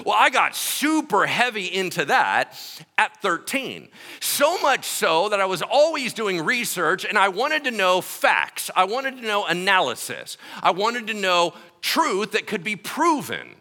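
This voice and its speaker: A middle-aged male pastor telling a personal story in a sermon, animated, acting out quotes with shouts and laughter. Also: high-pitched, measured pace.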